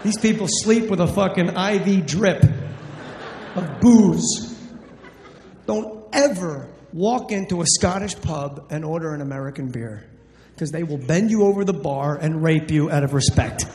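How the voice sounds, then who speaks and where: Brash, high-voiced man doing stand-up. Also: a little slow, darkish tone, slight background noise. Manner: brash, profane. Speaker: stand-up comedian. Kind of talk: stand-up storytelling. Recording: roomy live hall with audience laughter.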